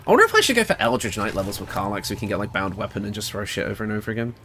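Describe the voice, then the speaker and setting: Against a noisy background, a British-accented man gives casual gameplay livestream commentary at a racing pace, his lowish voice swinging hugely in pitch. He thinks aloud as he plays and laughs a lot.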